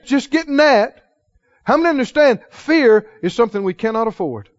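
A man preaching a sermon in church, emphatic, drawing call-and-response from the congregation and slowing down to stress key phrases. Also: very high voice, expressive, dull audio. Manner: slows for key phrases, acts out dialogue in quoted voices. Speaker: pastor.

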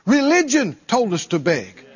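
A man's voice: extremely high pitch, wildly swooping pitch, a little slow, husky, dull audio. A male preacher delivering a dramatic sermon, acting out pleading prayers and firing off rhetorical questions in folksy phrasing.

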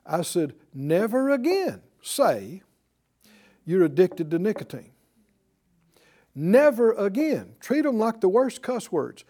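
An older pastor preaches a sermon in a high, dark voice, very animated but slow, with long pauses. He draws call-and-response from the congregation and retells conversations.

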